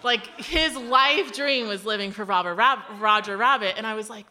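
A woman in her thirties telling a casual story, animated, laughing often and saying "like" a lot. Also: on the high side, moderate pace, few pauses. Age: 30s.

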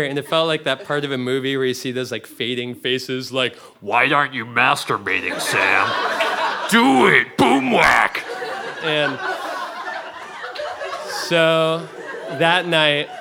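Young male storyteller, rambling and giggly, slightly high voice, audience laughter behind. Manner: rambling, self-interrupting, laughing often. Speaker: storyteller on stage. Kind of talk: comedic personal storytelling before a live audience.

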